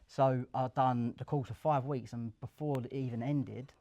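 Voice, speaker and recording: A young man tells his story at a live event in an office. He is chatty and lively, slipping into the voices of the people he quotes. His voice sits at an ordinary middle pitch. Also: normal speed. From Essex, England. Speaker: guest, career switcher. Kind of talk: casual storytelling interview.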